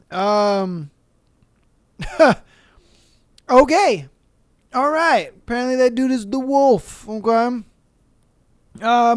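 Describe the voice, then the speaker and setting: A man's voice: sits high, smooth, no echo, clean studio sound. Exasperated young man hosting a podcast. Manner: casual, profane, exasperated rants. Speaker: podcast host. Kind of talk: solo podcast reading and reacting to stories.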